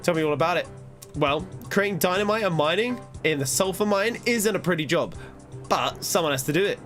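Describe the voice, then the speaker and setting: A man's voice: high voice, lively intonation, fairly quick, fairly bright tone, soft background music. A man voicing a chatty video game townsperson with an improvised, put-on Irish accent that stumbles a little as he goes. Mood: proud.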